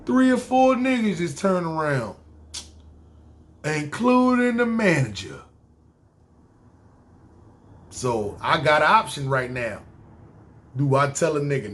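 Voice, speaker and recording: A man with a New York accent telling his own story casually on a podcast, slangy and animated. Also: a little high, measured pace, pauses often, slight background noise. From New York City.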